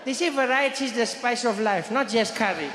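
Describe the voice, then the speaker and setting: A man's voice: very high voice, a little fast, background noise, voice pushed up. A man playing an exasperated schoolboy friend who shrieks and then sighs wearily about his lunch. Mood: weary. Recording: echoey theater hall.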